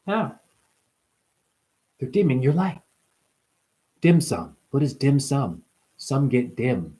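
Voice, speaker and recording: Guy riffing spiritual wordplay nonstop, goes quiet then yells out of nowhere. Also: mid-range voice, very animated, slow, long pauses. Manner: free-associating wordplay, jumps between whispers and sudden loud outbursts. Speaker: spiritual speaker. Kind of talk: rambling spiritual monologue.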